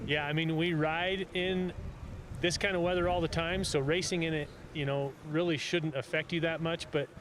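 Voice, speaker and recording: A man's voice: on the high side, fairly even intonation, moderate pace, fairly bright tone, slight background noise. A man reporting from a snowy mountain top, chatting in a friendly, encouraging way with a racer. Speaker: on-course reporter. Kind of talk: live field reporting and interview. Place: snowy mountain summit outdoors.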